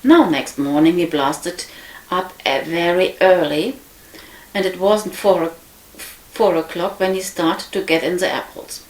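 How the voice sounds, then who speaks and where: A woman reading a fairy tale aloud in an unhurried manner, with frequent slips and restarts. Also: fairly low pitch. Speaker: storyteller. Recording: echoey room.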